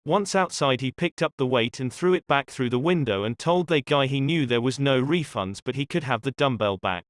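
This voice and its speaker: A man hosting a channel and narrating stories in a scripted, even read-aloud delivery. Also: mid-range voice, moderate pace, dry recording, clean studio sound. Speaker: channel host and story narrator.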